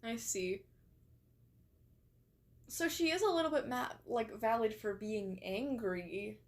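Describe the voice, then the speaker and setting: Chatty young woman streaming, higher voice. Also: slow pace. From England. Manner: chatty, rambling, swears and laughs easily. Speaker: streamer reading chat. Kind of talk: casual live-stream chat.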